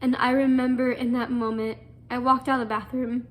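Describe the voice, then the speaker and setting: A woman's voice: fairly high pitch, little pitch movement, brisk. Earnest young woman telling her story. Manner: earnest, emotional, many fillers and restarts. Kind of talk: personal storytelling.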